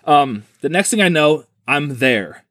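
A man's voice: on the high side, expressive, unhurried, a bit bright, no echo, clean studio sound. A man hosting a podcast, retelling a strange story in casual, joking chat and acting out the quotes. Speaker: podcast host.

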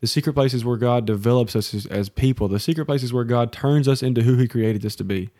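A man's voice: mid-range voice, fast, warm tone, dry recording, studio quality. A man co-hosting a casual devotional podcast from his home office, urging listeners earnestly and teasing his co-host. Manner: earnest, preachy exhortation with teasing.

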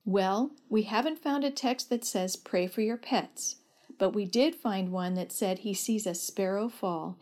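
A woman's voice: medium pitch, lightly acted. A woman voicing a jolly, thoughtful father in a storybook reading. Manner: calm, thoughtful. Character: jolly, steady family father.

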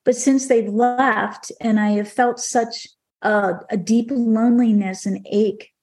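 A woman's voice: a little high, steady tone, takes it slowly, a little mellow. A woman on a podcast telling an emotional personal story in a conversational, earnest way, with many fillers. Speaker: podcast guest speaker.

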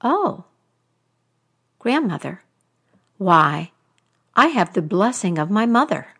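A woman's voice: mid-range voice, sing-song, slow pace, gravelly, a bit bright, husky, heavily acted. A woman storyteller voicing a timid young girl who speaks politely and carefully. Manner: polite and hesitant.

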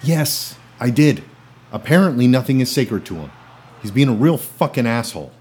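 A man acting in a comedy sketch, with a dry, exasperated deadpan delivery. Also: mid-range voice, normal speed, husky. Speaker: comedy podcast host.

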